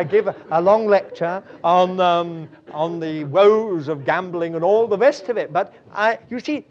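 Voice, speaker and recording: High-voiced preacher telling stories. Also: male voice. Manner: digressive storyteller, chuckling, with many fillers. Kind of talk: anecdotal sermon. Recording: dull lo-fi recording.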